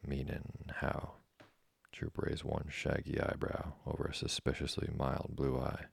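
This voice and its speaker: Extremely deep, gravelly male narrator. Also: dry recording. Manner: steady, measured reading. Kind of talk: audiobook narration.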